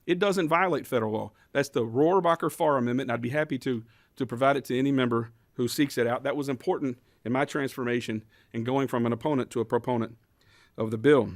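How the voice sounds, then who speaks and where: Impassioned legislator testifying. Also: male voice, medium pitch, fast, no room sound, clean studio sound. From Kentucky. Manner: impassioned storytelling, building to emphatic rhetorical questions. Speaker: state representative, bill sponsor.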